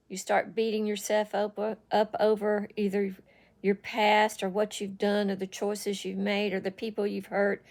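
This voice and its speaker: A woman giving an earnest talk about breaking addiction, speaking directly to the listener and repeating phrases for emphasis. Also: mid-range voice. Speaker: online speaker on addiction recovery.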